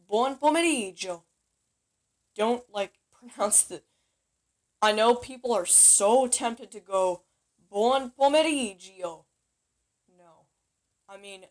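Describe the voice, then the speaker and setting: Chatty woman teaching casually. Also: mid-range voice. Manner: chatty, self-correcting, playful. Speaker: language teacher. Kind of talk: casual home-made lesson.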